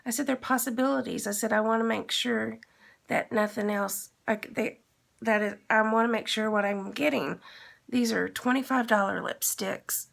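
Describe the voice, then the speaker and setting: Gravelly-voiced woman telling a story. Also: on the high side, fairly even intonation, normal speed, fairly bright tone. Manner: rambling, retells with quoted dialogue. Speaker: vlogger. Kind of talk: casual storytelling.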